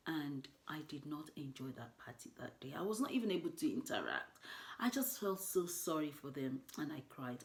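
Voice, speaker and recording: Mum vlogging; a slightly low voice, earnest and emotional, lots of "you know". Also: female voice, expressive, a little fast. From Nigeria. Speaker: mother. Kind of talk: personal storytelling vlog.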